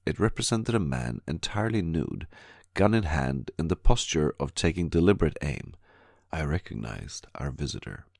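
A man reading a diary audiobook aloud in a measured, steady scripted narration. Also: rumbling low, creaky, no echo, clean studio sound.

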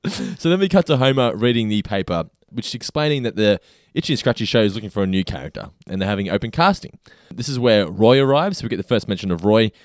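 A man co-hosting a podcast, recapping and teasing his co-host in lively casual chat. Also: on the low side, quick pace, dry recording, studio quality. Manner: animated teasing storyteller.

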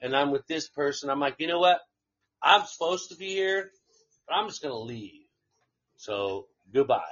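A man's voice: fairly high pitch, animated, moderate pace, fairly bright tone, highs cut off. A man casually telling a rambling story on a live stream, swearing freely and laughing along the way. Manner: profane, rambling anecdote with laughs.

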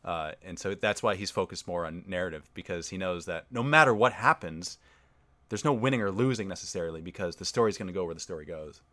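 Male podcast host, lowish pitch, rambling easygoing delivery, dry close recording. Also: lively intonation, fast talker, no echo. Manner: warmly rambling, with frequent fillers and restarts. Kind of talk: casual podcast conversation.

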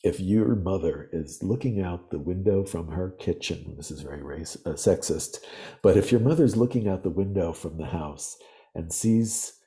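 A man talking as a podcast guest, explaining ideas in earnest, animated storytelling. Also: low voice, normal speed. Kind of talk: reflective interview talk.

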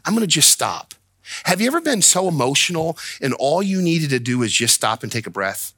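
A man preaching from the pulpit with a bright, forceful voice that is fairly high for a man. He swings from slow, low scripture readings to near-shouted outbursts. The sound is close and dry, with hardly any room echo. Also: sing-song, husky. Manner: emphatic preaching, rising to near-shouts when voicing the prophet. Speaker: pastor. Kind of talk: sermon.

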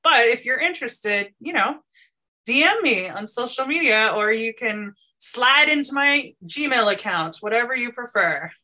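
A woman's voice: fairly high pitch, lively intonation, measured pace, sharp tone. A woman, a photographer chatting as an interview guest, bubbly and silly, laughing often. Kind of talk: casual interview chat.

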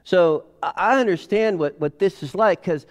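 A man in his forties preaches a sermon in a relaxed, chatty way. His voice sits a little high. He acts out family scenes with lively animation. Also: moderate pace. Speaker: pastor. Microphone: headset or lapel mic.

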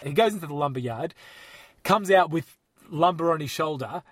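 Man with a higher voice telling stories, animated and lively, recorded dry and close. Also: normal speed, breathy edge, no echo. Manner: animated, acts out quotes. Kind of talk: casual storytelling chat.

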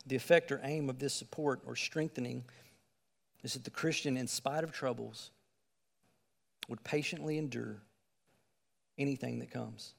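A man's voice: mid-range voice, steady tone, moderate pace, gravelly, long pauses, big-room sound. A man preaching a sermon, reading scripture and explaining it in an earnest, emphatic way, asking the listeners direct questions.

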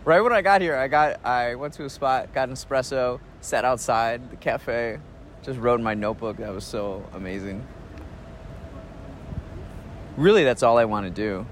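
A man's voice: medium pitch, a little hiss or hum. Laid-back man musing outdoors. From United States. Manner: relaxed and reflective, rambling with restarts and soft chuckles. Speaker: podcast host. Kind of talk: casual spoken travel diary.

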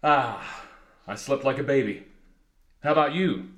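A man's voice: a little slow, a bit bright, close to an everyday voice. A man voicing a gregarious, chatty male prisoner with a chipper, mock-sympathetic manner. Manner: chipper, mock-sympathetic, high lilting delivery. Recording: roomy echo.

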